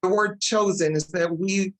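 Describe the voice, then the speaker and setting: A woman hosting a talk show, excited and emotional as she introduces her guest. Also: medium pitch, low-quality recording. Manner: excited, fast-talking, emotional.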